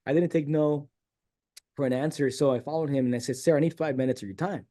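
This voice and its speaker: A middle-aged man from San Diego chats as an interview guest. His voice is mellow and warm, and he winds through a personal story, acting out the people he quotes. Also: on the high side, quick pace. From San Diego, California. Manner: rambling, animated storyteller who acts out quoted dialogue.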